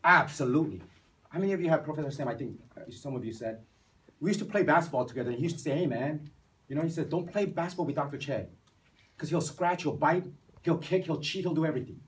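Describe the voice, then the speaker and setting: A man's voice: fairly high pitch, fast. A man lecturing a university class, telling stories with rhetorical questions and acting out the people he quotes. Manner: animated storytelling with rhetorical questions; emphatic, acts out quoted voices. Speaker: university professor. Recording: distant mic with faint noise.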